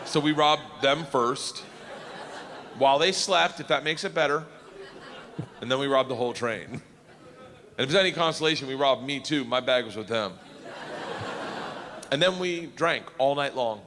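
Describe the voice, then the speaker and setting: A man doing stand-up storytelling, loud and raucous, shouting his punchlines. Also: on the high side, animated, moderate pace, long pauses, a little hiss or hum. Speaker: comedian. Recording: reverberant stage recording.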